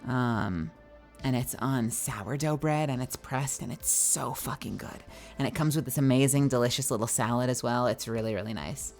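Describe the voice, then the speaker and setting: A tired young woman chats casually on a livestream, reading her viewers' messages aloud, yawning, and swearing now and then. Her voice is very deep, a little mellow, and moderately paced. Faint music plays behind her.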